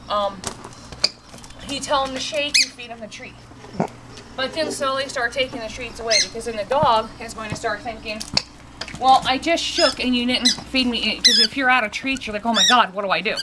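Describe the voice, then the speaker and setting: A woman talks casually through a dog training session outdoors, breaking now and then into high sing-song praise for her dogs. Her voice sits a bit high. The recording carries clear background noise.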